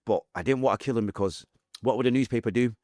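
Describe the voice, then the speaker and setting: A young adult man with a Manchester accent, telling his own story as a podcast guest, fast and vivid, acting out what people said. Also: medium pitch, a little mellow, dry recording, clean studio sound. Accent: Mancunian English. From Manchester, England.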